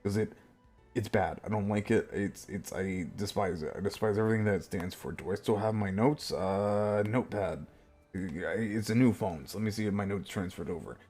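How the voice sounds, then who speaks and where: A man streamer ranting casually and heatedly with lots of swearing, jumping into high silly voices to mimic people. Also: moderate pace, darkish tone, soft background music. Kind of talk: casual rant on a live stream.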